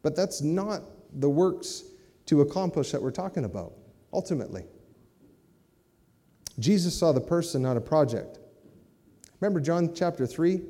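A man's voice: a little high, lively intonation, moderate pace, long pauses, dark tone. A man preaching a sermon in a conversational way, often checking in with his listeners by asking "right?" and "amen?". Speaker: pastor. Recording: long hall reverb.

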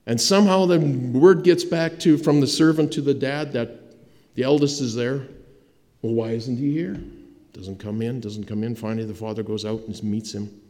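A man preaching a sermon, telling the story dramatically and swinging between loud emphasis and hushed, quiet lines. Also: medium pitch, fairly even intonation, moderate pace. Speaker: pastor. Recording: long hall reverb.

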